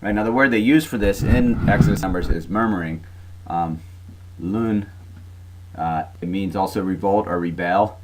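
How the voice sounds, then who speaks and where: Low-voiced man giving a casual lecture. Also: moderate pace, heavy background noise. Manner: chatty, frequent tag questions and fillers. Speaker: college lecturer.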